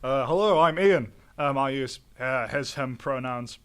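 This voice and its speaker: Slow-talking Yorkshire man. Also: medium pitch, smooth. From Yorkshire, England. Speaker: player.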